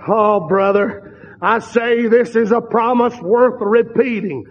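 Slow, high-voiced preacher in a hall. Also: male voice. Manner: slow, emphatic, repeats phrases for stress. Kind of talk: sermon. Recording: dull recording in a reverberant hall.

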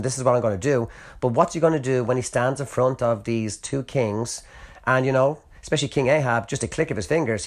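Earnest man preaching a sermon. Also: mid-range voice. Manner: earnest, emphatic, rhetorical questions. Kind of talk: sermon with scripture reading.

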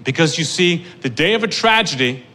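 A man doing a stand-up comedy set on stage, profane and building to shouted rants. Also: a little high, expressive, brisk, slight background noise. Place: comedy club stage with a live audience.

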